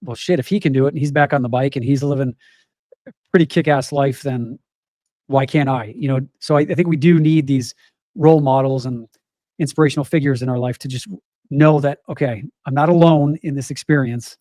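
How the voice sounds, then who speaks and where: A man's voice: mid-range voice, a little fast, warm tone, dry recording. A middle-aged man speaking as a guest in an interview, talking in an earnest, open and reflective way. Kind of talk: candid interview conversation.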